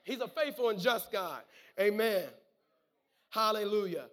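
High-pitched male preacher, fervent. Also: lively intonation, moderate pace, a bit bright. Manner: fervent, punctuates with calls of amen and hallelujah; repeats words and restarts phrases. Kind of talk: sermon, reading and preaching scripture.

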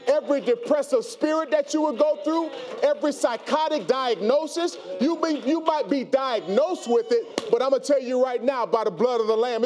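A man with a very high-pitched voice preaches with a lilt, drawing the congregation into call-and-response. His delivery swings between drawn-out scripture lines and sudden shouted declarations. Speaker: pastor. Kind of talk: sermon.

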